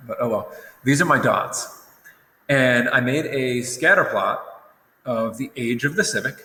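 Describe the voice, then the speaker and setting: A tired, yawning young man teaches a recorded lesson casually and ramblingly, often correcting himself. His voice is medium-pitched with a sharp tone. The recording has a roomy echo with long reverb and slight background noise.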